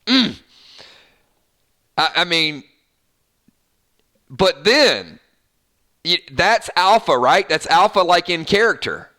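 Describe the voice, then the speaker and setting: Animated man giving TV commentary. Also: sits high, slow, pauses often. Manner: animated, with frequent stammered restarts. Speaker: YouTube show host. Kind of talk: casual TV episode commentary.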